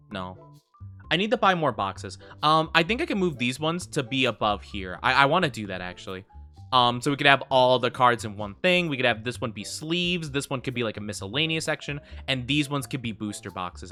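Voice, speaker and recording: A man's voice: mid-range voice, sharp tone. A man streaming a game, chatting casually in a rambling way, full of fillers and laughing easily. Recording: faint background music.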